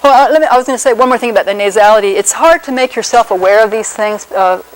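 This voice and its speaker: A woman's voice: fairly high pitch, fast, low-quality recording. A middle-aged woman, a linguist, explaining phonetics on a radio show and voicing example vowels, with frequent fillers and restarts. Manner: demonstrates vowel sounds aloud, many fillers and restarts.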